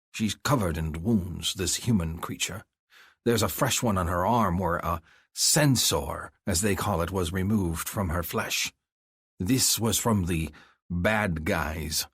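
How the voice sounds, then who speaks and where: A man giving gruff, measured first-person audiobook narration. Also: low voice, dry recording, studio quality. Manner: gruff, measured, slow deliberate phrasing.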